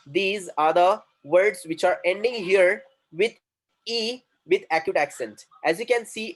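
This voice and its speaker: Writing on the board as he goes, a man with an Indian English accent works as a communication trainer, drilling his class through repetition and asking them questions. He has a fairly high voice, captured in a low-quality recording.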